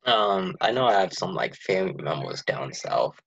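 A man in his twenties with a Boston accent, giving short, low-key replies in a casual podcast chat. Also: animated, normal speed, creaky, a bit bright, slightly rough, no room sound. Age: 20s. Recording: dull lo-fi recording.

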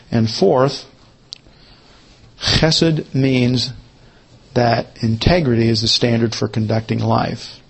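Gravelly man teaching a Bible lesson. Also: mid-range voice, steady tone. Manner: repeats key points slowly, as if for note-taking. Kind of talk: Bible study lecture.

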